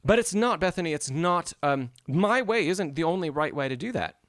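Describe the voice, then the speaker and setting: A man's voice: fairly high pitch, animated, normal speed, fairly bright tone, no echo, clean studio sound. A man giving an encouraging piano masterclass on a live stream, explaining phrasing and humming passages aloud. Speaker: piano teacher.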